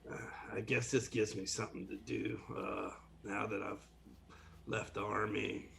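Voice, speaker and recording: A man's voice: on the low side, little pitch movement, a little slow, creaky, a bit bright, slight background noise, heavily acted. A man voicing a grumbling old retired dwarf soldier in a tabletop game. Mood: resigned.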